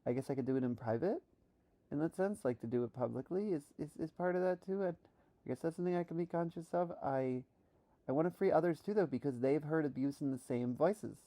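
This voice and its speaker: A woman from New York thinking aloud in a reflective solo monologue, halting with many restarts while she practices a trained voice. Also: extremely low pitch, mellow. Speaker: vlogger.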